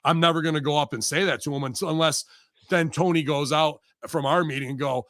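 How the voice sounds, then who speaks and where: A man with a bright, forceful voice rants heatedly through a casual podcast chat, swearing freely and slipping into quoted voices. His pitch sits a little high for a man, and the recording is dry and close, with no room sound. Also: fairly even intonation, fast talker, no echo. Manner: heated, profane rant acting out quoted voices. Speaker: pro wrestler guest.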